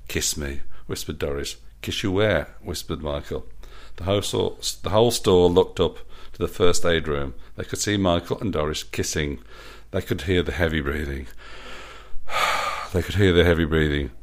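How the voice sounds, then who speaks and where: A man's voice: a bass voice, moderate pace. A man reading aloud his own playful story, with a self-amused manner.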